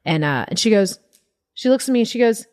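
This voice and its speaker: Animated woman comedian. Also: a little high, a little fast. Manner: animated, swearing, acts out quoted voices. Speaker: guest comedian. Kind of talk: casual storytelling.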